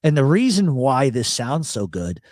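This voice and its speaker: A New York man hosts a loose livestream chat from his home studio, blunt and joking, with swearing sprinkled in. His mid-pitched voice comes through an expensive studio mic and processor, close and dry with no room sound. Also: sing-song, measured pace, darkish tone, no echo. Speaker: host.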